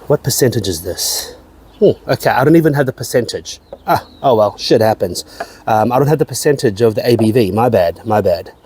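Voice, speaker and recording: A man's voice: medium pitch, lively intonation, brisk, darkish tone, slight background noise. A man reviewing whisky in a casual chat, rambling, repeating his phrases and swearing now and then. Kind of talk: casual tasting-note chat.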